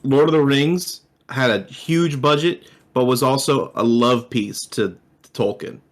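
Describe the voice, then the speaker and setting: A man with a mid-range voice chimes in with measured, agreeable remarks. His delivery is relaxed and conversational. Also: mid-range voice. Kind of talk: casual chat.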